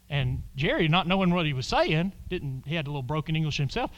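A man preaching a sermon, swinging from loud exclamations to hushed whispers and calling on the congregation to repeat lines after him. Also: fairly high pitch, quick pace, few pauses. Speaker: pastor.

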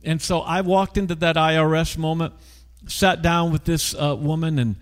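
A man's voice: a little high, fairly even intonation, normal speed, in a large hall. A male pastor telling a story in a conversational sermon, often putting questions to the congregation.

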